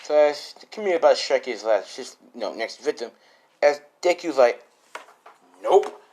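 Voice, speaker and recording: A man's voice: medium pitch, animated, normal speed, a little mellow. A young man improvising a fan-fiction story, rambling and casual, swearing often and full of fillers.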